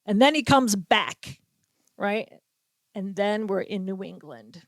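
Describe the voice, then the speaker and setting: A woman with a Boston accent, a podcast host and sports reporter telling an animated story and acting out the quotes. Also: medium pitch, slow, dry recording. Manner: animated storyteller, acts out quotes, laughs often. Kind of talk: casual storytelling chat.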